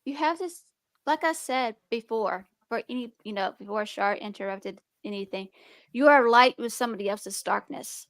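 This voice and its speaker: Young streamer gal w a speech impediment, kinda high voice, rambly and restarting a lot, dry close mic. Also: female voice, normal speed, no room sound. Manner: rambling, restarts, talks about being nervous and defensive. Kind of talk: casual chat.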